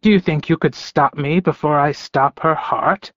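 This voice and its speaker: A man voicing a cruel, taunting male werewolf leader with a sneering, drawn-out delivery in an audiobook. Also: on the high side, no echo, lo-fi sound, pitched above the performer's own voice, lightly acted.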